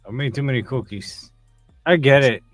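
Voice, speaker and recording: A man's voice: mid-range voice, moderate pace, dry recording, faint music behind. A man co-hosting a podcast in casual chat, laid-back, with blunt, swearing opinions. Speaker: podcast co-host.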